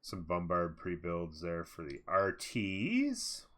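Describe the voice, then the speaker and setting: A man's voice: low voice, huge pitch swings, takes it slowly, pushed and bright. A man casting a live strategy game match, talking casually and rambling with fillers as he thinks aloud. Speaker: esports caster.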